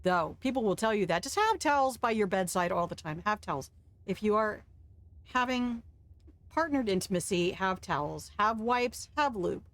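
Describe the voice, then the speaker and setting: A woman's voice: medium pitch, animated, normal speed, no room sound. Blunt older woman streamer. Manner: blunt, frank advice with swearing. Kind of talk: casual gameplay commentary.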